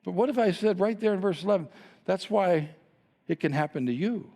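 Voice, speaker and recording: Male pastor mid-sermon, high and animated, teasing rhetorical questions, long reverb of a large hall. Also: a little fast.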